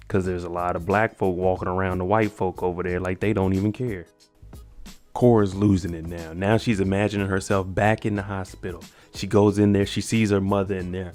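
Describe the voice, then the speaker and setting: A young man recapping a drama episode in a casual, animated way, briefly acting out the characters' lines. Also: fairly low pitch. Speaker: show recap host.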